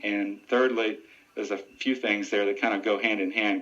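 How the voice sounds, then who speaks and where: A man who works as a deputy sheriff and ventriloquist, answering radio interview questions in an earnest, steady and informative way. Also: fairly low pitch, moderate pace. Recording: dull lo-fi radio audio.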